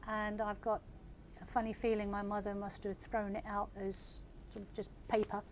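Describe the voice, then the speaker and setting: Older female author, gentle measured reader at a live event. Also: medium pitch, level tone, a little hiss or hum. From England. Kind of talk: reading aloud then audience Q&A.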